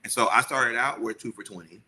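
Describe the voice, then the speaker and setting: A man's voice: mid-range voice, a little fast, pushed and bright. A middle-aged man co-hosting a podcast, telling a story in casual chat and acting out the people he quotes. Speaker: podcast co-host.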